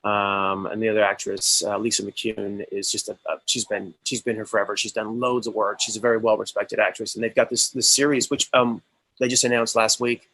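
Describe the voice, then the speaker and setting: A man's voice: on the low side, little pitch movement, a little fast, fairly bright tone, poor audio. A male actor as an interview guest, telling stories in a casual, enthusiastic way with many restarts.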